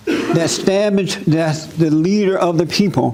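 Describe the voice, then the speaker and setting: A man preaching an informal sermon, talking with his congregation and acting out others' voices. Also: unhurried. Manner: animated, acts out mother in a high voice.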